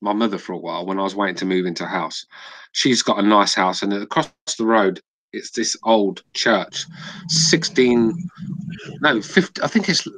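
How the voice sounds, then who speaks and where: A man's voice: lowish voice, normal speed, fairly bright tone, no echo, rough recording. A man with an English accent, chatting and telling stories on a casual podcast, swearing freely. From England. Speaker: podcast co-host.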